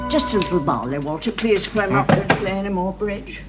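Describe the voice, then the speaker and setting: A woman's voice: medium pitch, a little fast, over loud music, close to an everyday voice. An actress playing a composed, refined English lady of the house who speaks in a genteel, matter-of-fact way. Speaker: lady of the manor.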